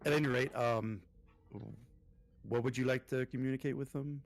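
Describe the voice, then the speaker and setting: A man at a medium pitch runs a tabletop game as game master. He talks in a loose, unhurried way, full of ums and little pauses. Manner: relaxed, lots of ums and filler. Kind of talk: running a tabletop game over voice chat.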